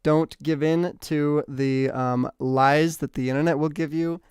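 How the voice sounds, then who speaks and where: Chatty man with a smooth voice. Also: fairly high pitch, unhurried, no room sound, clean studio sound. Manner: chatty, animated, reads out and answers comments. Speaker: streamer host. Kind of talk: casual livestream chat with viewers.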